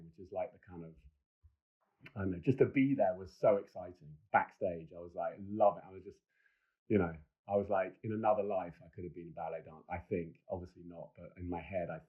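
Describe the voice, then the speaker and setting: Low-voiced man telling rambling anecdotes. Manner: enthusiastic, rambling anecdotes with many restarts. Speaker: film director guest. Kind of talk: casual podcast storytelling. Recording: dull lo-fi sound.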